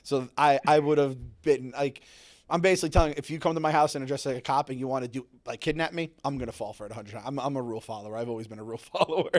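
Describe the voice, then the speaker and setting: Fast-talking man, rambling co-host. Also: medium pitch. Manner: rambling, self-interrupting, animated. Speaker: podcast co-host. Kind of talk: casual podcast chat.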